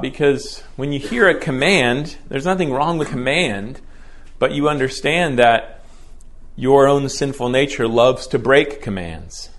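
A man teaching a verse-by-verse Bible lecture to a class, explaining patiently and often checking in with "right?", stretching key words for emphasis. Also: mid-range voice.

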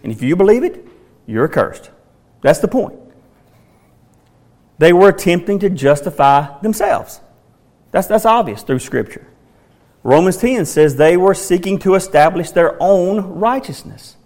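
A man's voice: high voice, animated, measured pace, long pauses, a little mellow. A man preaching a sermon, reading scripture aloud and dramatically restating the quoted lines. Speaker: pastor.

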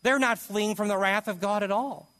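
A man's voice: sits high, moderate pace, pushed and bright. A man teaching verse by verse through a Bible passage, speaking emphatically and posing rhetorical questions to his listeners.

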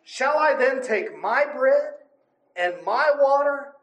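A man voicing a selfish, possessive rich man in a slow, raised reading voice. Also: extremely high pitch, expressive, a bit bright, highs cut off, pitched above the performer's own voice, exaggerated voice. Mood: indignant. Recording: roomy echo.

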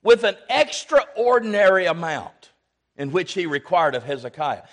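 A man's voice: lively intonation, moderate pace. Emphatic preacher man. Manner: emphatic, swings from loud exhortation to low asides, calls for amens. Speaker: pastor. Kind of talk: sermon.

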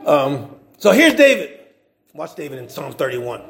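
High-pitched, gravelly male preacher. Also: sing-song, a little slow, fairly bright tone. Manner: repetitive, stumbling restarts, call-and-response asides to the congregation. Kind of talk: sermon.

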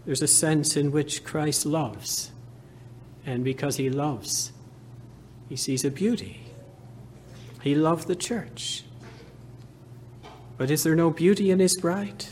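A man preaching a sermon in a slow, earnest manner, building to fervent emphasis. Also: a little high, a little mellow, slight background noise.

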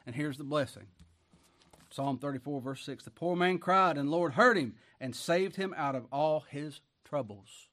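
A man preaches a folksy sermon in plain, homespun speech, swinging between loud declaiming and hushed asides and chuckling often. His voice is on the high side and a little slow.

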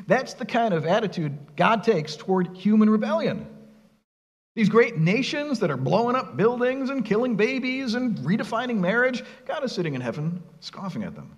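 A male pastor with a fairly high voice preaches in a lively, sing-song way, his pitch rising and falling widely. He talks casually and keeps asking his listeners rhetorical questions. A long reverb trails behind his words, as in a large church sanctuary. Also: normal speed. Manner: animated, conversational, with rhetorical questions. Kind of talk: sermon.

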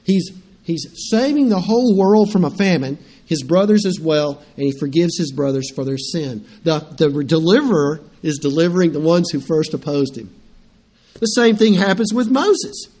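A man's voice: fairly high pitch, lively intonation, normal speed, a little mellow. A middle-aged man preaching a sermon as pastor, telling stories animatedly and putting questions to the congregation.

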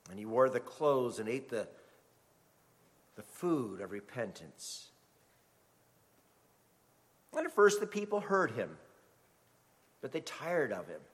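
A middle-aged man preaching a sermon as a pastor, telling stories in an animated way. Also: mid-range voice, a little slow, long pauses. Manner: animated storytelling, acts out quoted voices. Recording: long hall reverb.

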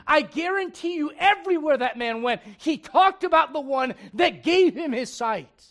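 A male pastor preaching a sermon, animated and humorous, with laughing asides and acted-out quotes. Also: extremely high pitch, brisk, hardly any pauses.

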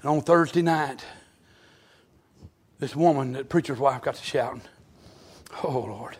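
A man preaching a fervent revival sermon in a church, moving between quiet storytelling and loud shouted exclamations. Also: mid-range voice, unhurried, husky. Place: church sanctuary.

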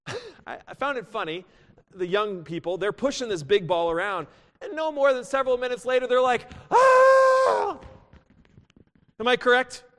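A male pastor preaching a sermon, moving from loud exclamations to quiet asides and reading scripture in older biblical wording. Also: very high voice, animated, normal speed. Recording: long hall reverb.

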